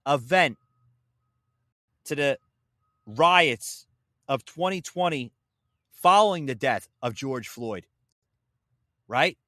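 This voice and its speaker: A man's voice: on the high side, fairly bright tone, dry recording, studio quality. A man hosting an opinion podcast, ranting in a heated, sarcastic way and swearing as he talks to his listeners. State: a little winded. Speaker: podcast host.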